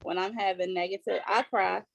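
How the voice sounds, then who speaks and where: Her voice is mid-range and steady with vocal fry, recorded without room sound and with the highs cut off. A thirtysomething mother co-hosting a casual podcast speaks candidly and haltingly, emotionally open and full of fillers and restarts.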